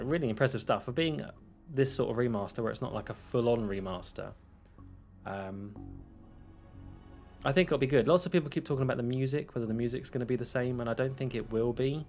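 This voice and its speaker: A man's voice: medium pitch, creaky. Chatty man streaming a game. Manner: chatty, rambling, answers chat questions, laughs easily. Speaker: gaming streamer. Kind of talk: casual live-stream chat while playing.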